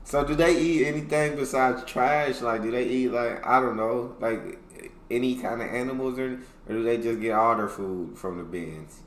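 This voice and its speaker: A man's voice: mid-range voice, normal speed, few pauses. An American man hosting a reaction video, chatting casually, laughing often and thinking aloud with fillers. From United States. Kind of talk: casual chat. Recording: echoey room with faint noise.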